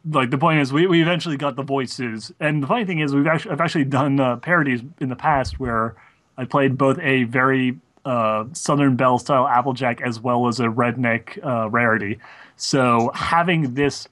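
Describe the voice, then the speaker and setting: A man's voice: medium pitch, moderate pace, fairly bright tone. Chatty male podcast co-host. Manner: talkative, explains at length. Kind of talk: casual chat.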